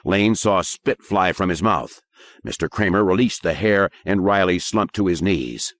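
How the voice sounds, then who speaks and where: A man narrating an audiobook in a measured, expressive way. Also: sits low. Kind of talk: scripted narration.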